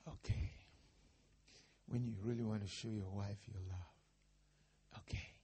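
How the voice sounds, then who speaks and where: A man preaching a sermon as a pastor, with a raspy, husky voice and dramatic swings from hushed tones to shouting. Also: on the low side, fairly even intonation, slow.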